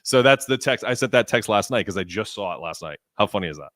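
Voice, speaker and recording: A man co-hosting a podcast, telling an animated story with lots of restarts. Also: on the low side, quick pace, no echo, studio quality. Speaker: podcast co-host. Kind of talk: casual chat.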